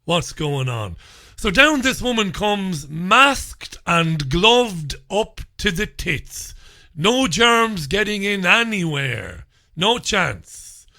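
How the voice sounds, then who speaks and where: Sardonic radio host, bright voice. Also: male voice, sits high, takes it slowly. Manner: animated, swearing, sardonic. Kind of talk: comic storytelling monologue. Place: radio studio.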